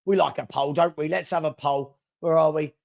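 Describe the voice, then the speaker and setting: Casting: male live-stream host, slightly higher voice, playful and chatty, has a cold. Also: steady tone, normal speed, gravelly, a little mellow. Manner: chatty, playful, teasing, repeats himself. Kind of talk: casual live-stream chat reading viewer comments.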